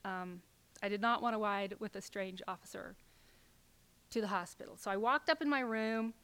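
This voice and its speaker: Brief: middle-aged woman, plain mid-pitched voice, halting personal storytelling, slips into near whispers. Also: a bit bright, smooth. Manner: halting, with fillers and restarts, dropping at times to a near whisper. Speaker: speaker telling a personal story.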